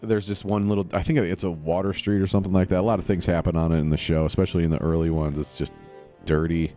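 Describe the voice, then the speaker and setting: Rambling, low-voiced podcast host. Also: male voice, flat delivery, fast talker, warm tone, soft background music. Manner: rambling, self-correcting, chuckling. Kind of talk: casual podcast chat.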